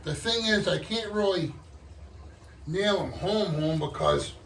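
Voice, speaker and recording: A man vlogging his hobby build, out of breath, talking to viewers in halting, trailing commentary as he works. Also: high voice, expressive, a bit bright, recorded from a distance. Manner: halting, muttering to himself, trailing off. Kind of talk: casual running commentary while working. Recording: roomy, off-mic, faint background noise.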